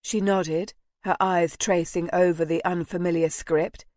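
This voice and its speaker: Female audiobook narrator; soft, measured, very unhurried delivery. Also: lowish voice, steady tone, no room sound.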